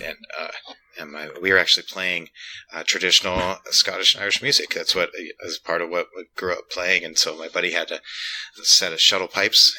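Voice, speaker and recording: An American man from Alaska, a game designer chatting casually as a guest and telling animated stories. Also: deep voice, low-quality recording. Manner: animated storyteller, does voices and laughs often. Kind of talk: casual chat.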